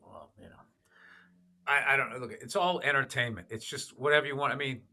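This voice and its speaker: A man's voice: medium pitch, fairly quick, bright, forceful tone. A middle-aged man co-hosting a podcast, dropping dry, sarcastic wisecracks. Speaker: comedian and podcast co-host. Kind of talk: casual podcast chat.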